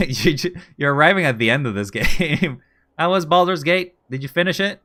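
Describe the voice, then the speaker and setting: A man's voice: fairly high pitch, moderate pace, bright, forceful tone. A man doing casual, jokey commentary over a game he is streaming, often laughing as he talks. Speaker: let's play streamer.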